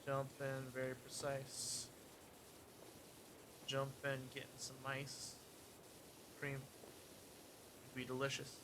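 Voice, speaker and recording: A man's voice: mid-range voice, completely flat delivery, takes it slowly, long pauses, noisy background. A man streaming a cleaning game, casually narrating his progress in muttered asides and dry jokes. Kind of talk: casual gameplay commentary.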